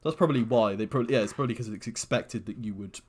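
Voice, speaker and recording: A man's voice: mid-range voice, rapid-fire, a little mellow, slight background noise. Casting: man, podcast co-host, loose rambly chat, swears freely, lots of "like" and "um". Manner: rambling, swears casually, many fillers. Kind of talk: casual chat.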